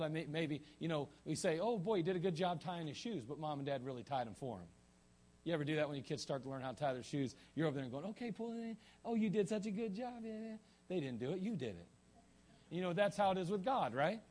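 Folksy preacher man, higher voice. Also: darkish tone. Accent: Ohio. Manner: folksy, joking, with many restarts. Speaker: pastor. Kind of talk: sermon.

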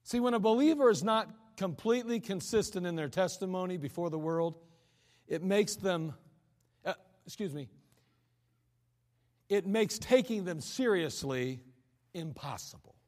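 A man's voice: sits high, a little slow, long pauses, darkish tone, in a large hall. A man preaching a sermon in a conversational way, acting out the voices of people he quotes. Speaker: pastor.

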